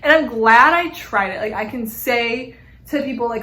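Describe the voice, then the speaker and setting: Speaking at a normal speed, this young adult vlogger has a fairly high, bright, forceful voice. Her casual, rambling talk to camera is full of fillers and candid asides, recorded in a small room with a slight echo.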